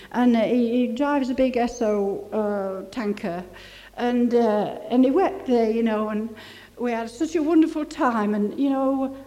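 An older woman, preaching a testimony sermon, rambling and halting, then rising to fervent exclamations. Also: a little high, dark tone. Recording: long hall reverb.

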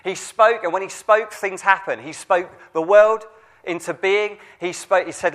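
A man's voice: high-pitched, steady tone, moderate pace, fairly bright tone. A man preaching a sermon, telling a personal story in a conversational way with frequent restarts.

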